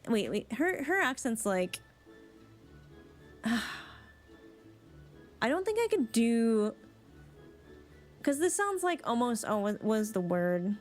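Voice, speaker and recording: A woman streamer reacting to a game she is reading aloud, chatty and excitable. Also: a little high, takes it slowly, long pauses, soft background music.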